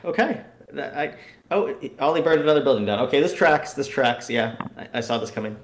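A man talking casually on a podcast and retelling tabletop game scenes, jumping into little acted-out voices as he goes. His voice sits at a middling pitch. The recording has a noticeable roomy echo. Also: fast, a little hiss or hum. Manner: animated storyteller acting out scenes. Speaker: guest player.

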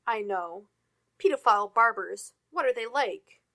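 Woman doing a loud, mocking male office worker. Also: fairly high pitch, lively intonation, measured pace, exaggerated voice.

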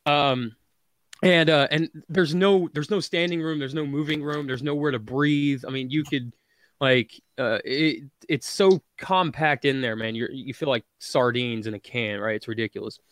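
Man, casual podcast storyteller, animated, swears, acts out quotes, dry close recording. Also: medium pitch, moderate pace, no room sound. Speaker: podcast co-host.

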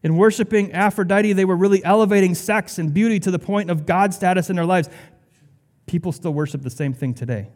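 A man's voice: sits high, brisk, darkish tone, in a large hall. A male pastor delivering a sermon in a conversational way, with sarcastic asides.

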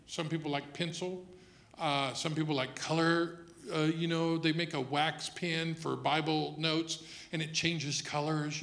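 Male pastor, casual teaching sermon, dynamic swings from soft to forceful. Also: fairly high pitch, gravelly. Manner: conversational preaching, swings from quiet to loud emphatic.

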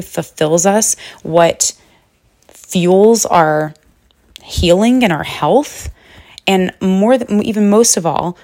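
A woman with a low voice and a gravelly, creaky texture talks straight to her listener in an earnest, encouraging way. She speaks casually, swears now and then and often restarts her sentences. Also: a little mellow. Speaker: podcast host. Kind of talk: casual motivational monologue.

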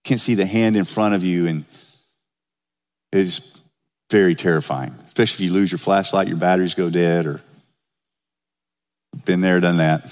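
A man's voice: low voice, steady tone, moderate pace, long pauses, long reverb tail. A man preaching a sermon as pastor, talking to the congregation in a conversational way and lifting his voice when he reads scripture. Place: church sanctuary.

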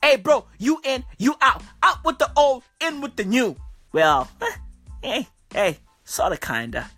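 A woman's voice: high voice, big pitch swings, measured pace, pushed and bright, no echo, faint music behind. A woman hosting a podcast, delivering a profane comic rant full of slang, with "bruv" and "okay" after nearly every line. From South Africa. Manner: swearing, slangy, keeps tagging bruv and okay. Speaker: podcast host.

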